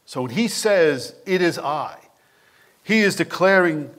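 A male pastor preaching a sermon at an unhurried, deliberate pace. His voice sits a little higher than most men's, and his delivery is expressive and animated as he puts questions straight to the congregation. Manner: asks the listeners questions directly.

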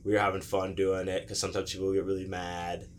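A man's voice: sits low, monotone, fast talker. A young man casually telling a profane story, loosely acting out the voices of the people in it.

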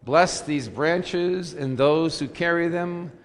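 A pastor leading worship, reading scripture and a prayer with a measured, deliberate cadence in a church sanctuary. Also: male voice, a little high. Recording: long reverb of a church sanctuary.

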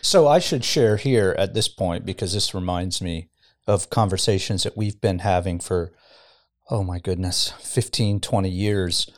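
A man's voice: sits low, unhurried. A middle-aged man, a pastor, reflecting in a casual podcast conversation in a studio and often chuckling as he tells a story. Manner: reflective, chuckles while telling stories.

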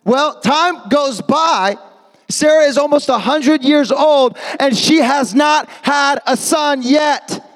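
Energetic high-voiced male preacher. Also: slow pace. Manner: energetic, rising to shouts, jokey asides. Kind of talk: lively sermon with call-and-response. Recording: long echo of a large hall.

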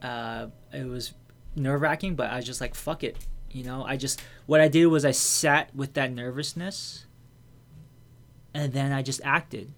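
A man's voice: medium pitch, steady tone, moderate pace, fairly bright tone. An American man telling a personal story in casual conversation. He talks candidly, swears freely and fills his speech with restarts and fillers.

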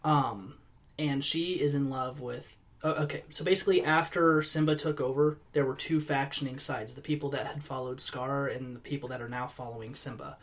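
A man in casual chat, telling stories in an animated way and laughing easily. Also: medium pitch, normal speed.

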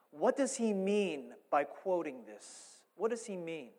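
A man with a notably high voice delivers a Sunday sermon from the pulpit. He preaches with animated, playful energy, building to emphatic peaks. His words ring out with the long reverb of a church hall. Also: unhurried, few pauses. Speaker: pastor.

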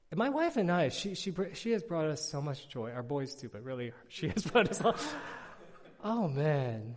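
A man pastor giving a casual, animated sermon, telling stories with lots of filler words. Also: on the high side, a little slow. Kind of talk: conversational sermon. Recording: long hall reverb.

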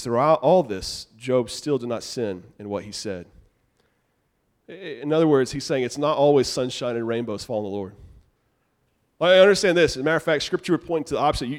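A young adult man preaching a sermon to a church congregation in a casual, animated conversational way. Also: on the high side. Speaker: pastor. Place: church sanctuary.

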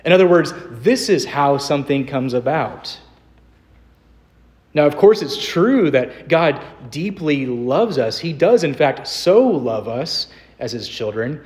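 A man's voice: a little high, animated, darkish tone. Earnest young man preaching. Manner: earnest, varied emphasis, slows on quoted scripture. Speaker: pastor. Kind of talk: sermon. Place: church sanctuary.

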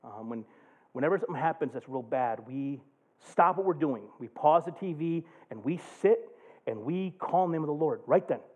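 A male pastor preaching a sermon, moving from a quiet, subdued personal story to loud, passionate preaching. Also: fairly high pitch, lively intonation, moderate pace, husky. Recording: tinny phone-like sound.

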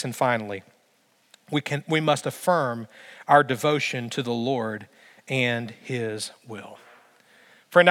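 A man preaching a sermon as pastor, emphatic, building through repeated phrases with slow dramatic pauses. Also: medium pitch, bright, forceful tone. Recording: long reverb of a large hall.

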